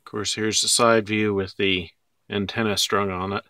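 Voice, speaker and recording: A man's voice: lowish voice, level tone, moderate pace, bright, forceful tone, dry recording, clean studio sound. A man casually talking through his scale model build, wry and self-deprecating about his mistakes.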